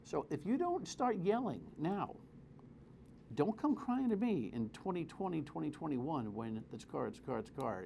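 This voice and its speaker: A man's voice: mid-range voice, gravelly, slight background noise. A man hosting a talk radio show, delivering a sarcastic, opinionated monologue. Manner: sarcastic, animated, mocks with repeated phrases.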